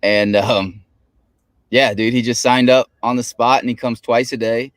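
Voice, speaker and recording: A man's voice: medium pitch, fairly even intonation, measured pace, dry recording. A man chatting casually, telling rambling anecdotes in an easygoing way. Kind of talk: casual podcast chat.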